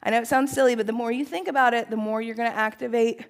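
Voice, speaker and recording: A woman's voice: a little high, steady tone, fast, rough recording. A woman fitness instructor leading a live workout, upbeat and encouraging, who laughs often.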